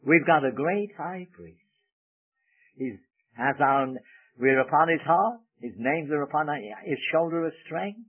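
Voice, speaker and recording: A man's voice: on the high side, expressive, measured pace, husky. Earnest man preaching over tinny radio. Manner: earnest, emphatic, swells loud on key phrases then drops soft. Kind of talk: sermon. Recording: tinny phone-like old radio broadcast.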